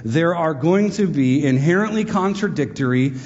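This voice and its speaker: A man's voice: on the high side, animated, normal speed, a little mellow. A male preacher addresses a live audience, his talk conversational and laced with wry, joking asides. The sound is muffled and lo-fi, and a long reverb trails off through the large hall. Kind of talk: sermon-style teaching to a live audience. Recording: echoey hall, dull lo-fi sound.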